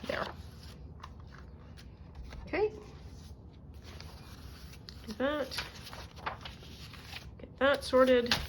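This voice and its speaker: A woman's voice: high voice, extremely slow, long pauses, slight background noise. A woman chatting casually to her viewers while she crafts, thinking aloud and joking about herself. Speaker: crafting vlogger. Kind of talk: casual crafting chat to camera.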